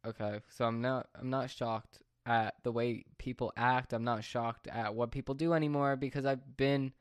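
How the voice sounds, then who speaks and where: A man's voice: medium pitch, fairly even intonation, moderate pace, smooth, no echo, clean studio sound. A teenage boy talking casually to his viewers in a rambling, repetitive, exasperated rant. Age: teens. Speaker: vlogger. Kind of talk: casual monologue to camera.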